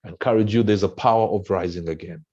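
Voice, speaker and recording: An impassioned Kenyan man with a low voice, speaking to an audience like a preacher with big swings in pitch. The recording sounds dull and lo-fi. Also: quick pace, darkish tone. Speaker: motivational speaker. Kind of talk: motivational speech to an audience.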